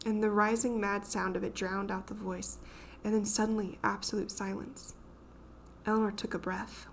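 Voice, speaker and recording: A woman narrates a classic ghost story in a measured, hushed way. Her pitch sits in an ordinary middle range, with faint noise behind. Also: gravelly. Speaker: audiobook narrator. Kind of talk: scripted audiobook narration.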